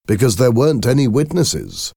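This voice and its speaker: A man voicing a calm, firm uncle. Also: medium pitch, moderate pace, vocal fry, slightly rough, no room sound, studio quality, voice pushed up, full character voice. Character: calm, steady older uncle, wildlife officer.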